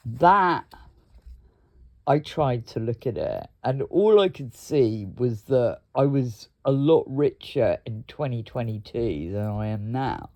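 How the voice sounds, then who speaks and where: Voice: medium pitch, lively intonation, slow pace, a little mellow, no echo. A vlogger, rambling and ranting to camera, swearing often and laughing between complaints.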